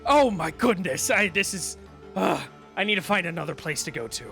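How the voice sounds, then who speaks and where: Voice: mid-range voice, animated, moderate pace, vocal fry, pushed and bright, soft background music. A game master voicing a cowardly male noble in a tabletop game, flustered and calling for protection. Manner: flustered, pleading.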